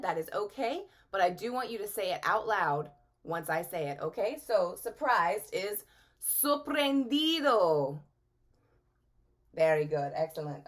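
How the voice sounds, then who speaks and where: A woman teaching a virtual Spanish review to young children in a sing-song, animated teacher voice. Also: mid-range voice.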